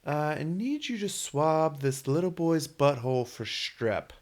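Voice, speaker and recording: A man voicing a whiny, helpless female nurse, pitching his voice up into a put-on whine. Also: lively intonation, a little slow.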